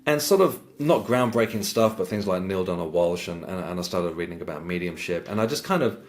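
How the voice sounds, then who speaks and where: Man, very low voice, hesitant storytelling, repeats words, earnest and reflective. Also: lively intonation, a little fast, a little hiss or hum. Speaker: guest sharing a spiritual experience. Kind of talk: conversational personal storytelling.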